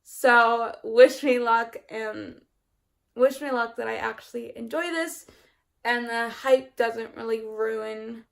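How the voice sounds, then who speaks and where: High-voiced chatty young woman vlogger. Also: takes it slowly, creaky, a bit bright. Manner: chatty, rambling, many ums and restarts. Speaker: book vlogger. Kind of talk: casual vlog chat.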